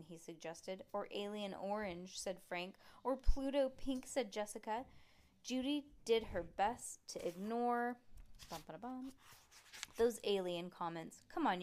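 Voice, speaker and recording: A woman reading a children's book aloud at home, voicing the characters in a lively way and stopping to chat and laugh with a child. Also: mid-range voice, normal speed. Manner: lively, voices the characters, chats and laughs between passages. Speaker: reader.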